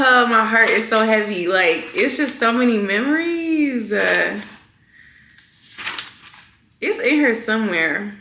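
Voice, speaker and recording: Young woman vlogging, chatty and bubbly, bright voice bit high, echoey room. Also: takes it slowly, pauses often, a little hiss or hum. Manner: chatty and animated, full of fillers. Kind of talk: casual chat to camera.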